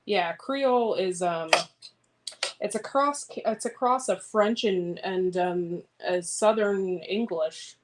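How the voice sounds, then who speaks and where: Slow and easygoing, a homesteading vlogger rambles through casual livestream chat, answering viewer comments as she cuts vegetables in her kitchen. Her voice has an ordinary middle pitch, and clear background noise and clicking run beneath it.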